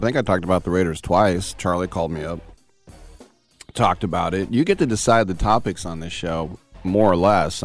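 A man hosting a live sports talk radio show, rambling and joking at his own expense with an American accent. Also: sits low. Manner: joking, self-mocking, rambling.

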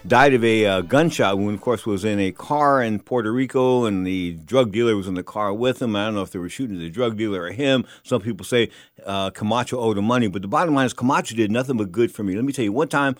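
A man's voice: fairly low pitch, fast talker, no echo, clean studio sound. A man telling a rambling anecdote about his time as a boxing announcer, often saying "bottom line is" and acting out the quotes. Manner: digressive, repeats "bottom line is", acts out quotes.

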